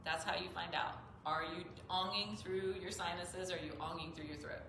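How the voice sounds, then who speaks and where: A woman's voice: fairly low pitch, fairly even intonation, moderate pace, gravelly, roomy sound, background noise. A woman yoga teacher explaining chanting step by step in a patient manner. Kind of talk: instructional talk with chanting demonstration.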